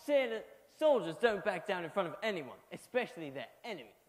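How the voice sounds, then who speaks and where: A man's voice: high-pitched, big pitch swings, a little fast. A young man playing a proud, stubborn boy who boasts about his soldier father. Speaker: stage actor. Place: church stage. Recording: reverberant hall.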